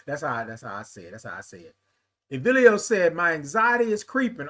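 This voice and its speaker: A man hosting a live morning talk stream, lively and playful, greeting viewers by name and calling them "y'all". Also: fairly high pitch, brisk. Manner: lively, playful, sing-song with laughs and calls of "y'all". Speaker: livestream host.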